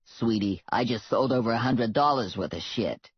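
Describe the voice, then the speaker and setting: The narrator voicing a brash 72-year-old shopkeeper woman with a deep smoker's voice and a gruff, blunt way of talking. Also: moderate pace, dry recording. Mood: sarcastic. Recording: dull lo-fi, dry.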